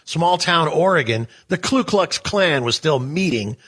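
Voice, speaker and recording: A man with a fairly high, bright, husky voice tells a story in a casual talk show, swinging his pitch up and down as he acts out the people in it. His delivery is animated and chatty. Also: unhurried. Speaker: co-host.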